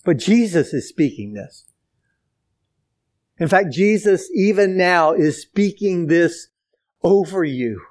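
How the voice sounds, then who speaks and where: Male pastor, emphatic sermon delivery, unhurried, slightly high register. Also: animated, darkish tone. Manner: emphatic preaching with repeated phrases, addresses the church directly.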